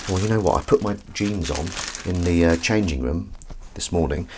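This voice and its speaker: A man's voice: deep voice, moderate pace, background noise. A man hosting a casual live stream from his kitchen, rambling through stories and calling his cat in a coaxing voice. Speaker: livestream host. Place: home kitchen.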